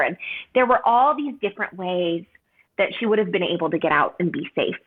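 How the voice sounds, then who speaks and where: A woman's voice: lowish voice, expressive, fairly quick. A woman in her thirties telling a personal story as a podcast guest, earnest and heartfelt, with many casual fillers. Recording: tinny phone-like line.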